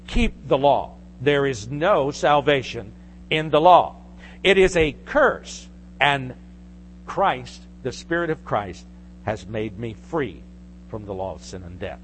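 A male pastor preaching a sermon, teaching from scripture and rising to forceful emphasis. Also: medium pitch, expressive, slow pace, a little hiss or hum.

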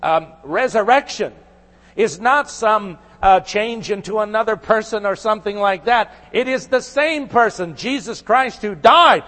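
A man's voice: sits high, unhurried, fairly bright tone. A man preaching a sermon, earnest, rising to emphatic declarations. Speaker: pastor. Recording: long hall reverb.

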